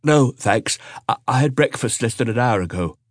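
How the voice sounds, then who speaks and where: A man's voice: medium pitch, animated, normal speed, no echo, clean studio sound, pitched above the performer's own voice, close to an everyday voice. A man doing a timid, stammering young inspector. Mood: reporting. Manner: nervous, stammering.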